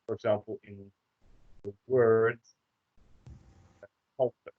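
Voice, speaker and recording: A Dutch man teaching a language class online, explaining slowly with many hesitations. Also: lowish voice, little pitch movement. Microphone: computer microphone on a video call. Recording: dull lo-fi call audio.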